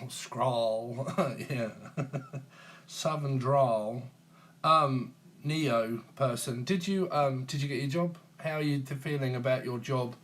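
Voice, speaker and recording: A tarot channel host from England, a man in his forties, runs a relaxed phone live stream. His mid-range voice is a bit bright, and he ribs viewers playfully and chuckles a lot.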